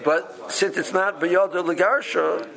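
Animated man teaching a Talmud class. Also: high voice, slow pace, gravelly, crowd noise. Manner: animated, acts out the rabbis' voices, many restarts. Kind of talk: explaining a text to a study group.

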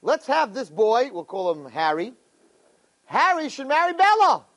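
A man voicing a jealous, spoiled young man who schemes against a servant, in a shrill, gleeful voice. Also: huge pitch swings, a little slow, a bit bright, exaggerated voice, poor audio. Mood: gleeful scheming.

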